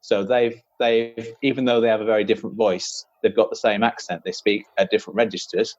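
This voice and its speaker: A man's voice: fairly low pitch, little pitch movement, fairly quick, a little mellow, dry recording. Chatty British man on a dull line. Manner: rambling, self-deprecating, laughs often. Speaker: guest author. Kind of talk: casual podcast chat. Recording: slightly dull, lo-fi sound.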